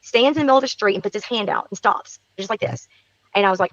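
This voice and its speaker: A woman's voice: medium pitch, racing, no echo, lo-fi sound. A woman telling a story in casual talk, acting out what people said and repeating phrases for emphasis. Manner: animated, acts out quotes, repeats herself. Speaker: guest recounting neighborhood encounter.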